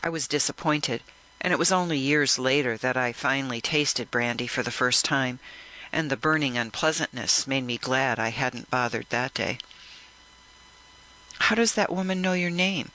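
Guy reading a first-person novel, bright clear voice, measured and reflective. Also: medium pitch, steady tone, low-quality recording. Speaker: audiobook narrator. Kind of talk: first-person audiobook narration.

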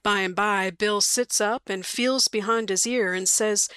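Bright-voiced woman reading a story. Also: mid-range voice, fairly even intonation, unhurried, few pauses, clear, resonant tone, dry recording. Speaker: audiobook reader. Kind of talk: storybook narration.

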